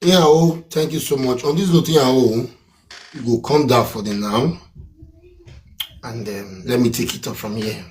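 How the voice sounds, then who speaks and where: A man with a Nigerian accent hosting a live stream talk show in casual Pidgin. He talks in a loud hype-man way and breaks into chants and song. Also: medium pitch, a little slow, pauses often, slight background noise, poor audio.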